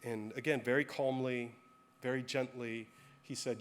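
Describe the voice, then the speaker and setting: A man preaching to his church, telling a story about himself with candor and a touch of self-deprecating humor. His voice sits at a middle pitch for a man, and he speaks conversationally from the pulpit. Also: steady tone, normal speed, fairly bright tone, slight background noise. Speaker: pastor. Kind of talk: sermon.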